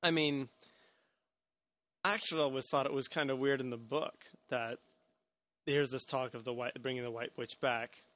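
A man's voice: medium pitch, steady tone, normal speed, pauses often, a bit bright, no echo. A man hosting a podcast, chatting casually about a film with many restarts and hedges. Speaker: podcast host.

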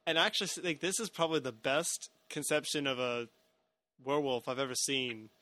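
A man's voice: medium pitch, a little fast, bright, forceful tone, dry recording. A man co-hosting a podcast, talking casually about a film, hesitant with many fillers and restarts. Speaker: podcast co-host.

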